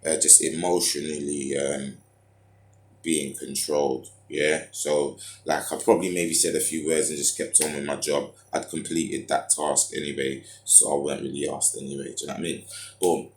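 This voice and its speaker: A low-voiced man recounts a personal story in loose, slang-heavy talk. He drifts between points and fills gaps with filler sounds. The recording has a strong echo from the room around him. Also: flat delivery, moderate pace. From United Kingdom. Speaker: vlogger. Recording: echoey room.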